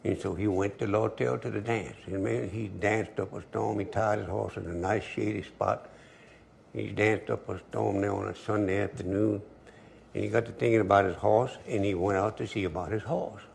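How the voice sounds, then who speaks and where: A man's voice: fairly low pitch, steady tone, normal speed, vocal fry, a little mellow, slight background noise. An older man, cooking at the stove and chatting folksily as he tells a story. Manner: folksy, chatty, talks to himself while working. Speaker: cook. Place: home kitchen at the stove.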